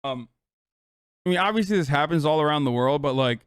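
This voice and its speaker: Profane, rambling male streamer, high-pitched. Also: animated, brisk, smooth, no room sound, studio quality. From United States. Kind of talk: casual livestream storytelling.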